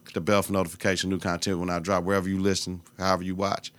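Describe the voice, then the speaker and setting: A young adult man hosting his own podcast, talking in a loose, profane, animated way and breaking into laughter as he tells stories. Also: low-pitched, racing. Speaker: podcast host. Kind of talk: casual solo podcast rant.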